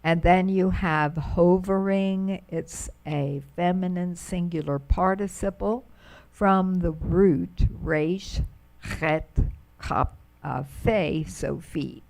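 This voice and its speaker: A woman's voice: on the low side, creaky, darkish tone. A middle-aged woman teaching Hebrew grammar to a class, pronouncing words patiently and drawing them out. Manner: patient, drawn-out pronunciation of words. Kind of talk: slow, careful classroom explanation.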